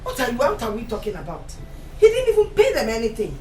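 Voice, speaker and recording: A woman's voice: a little high, wildly swooping pitch, fast talker, darkish tone, far from the mic, slight background noise. A woman with a Nigerian accent playing a worried mother who lectures her child. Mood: indignant. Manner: lecturing, indignant. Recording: echoey room, voice from afar.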